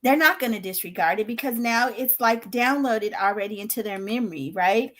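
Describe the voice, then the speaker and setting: Speaking briskly in a slightly high voice, a middle-aged woman livestreams excitable commentary on a trial from her spare-bedroom home studio. She's dramatic, with loud exclamations and laughter that swing down into a hush.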